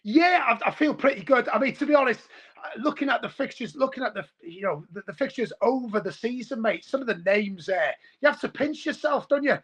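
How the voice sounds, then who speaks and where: Welsh guy in his 40s on a video call, high voice, gabbles excitedly about footy, mate this mate that. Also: fairly quick, breathy edge, highs cut off. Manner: excitable, rambling, says "mate" a lot. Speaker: guest football fan. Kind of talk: casual podcast chat.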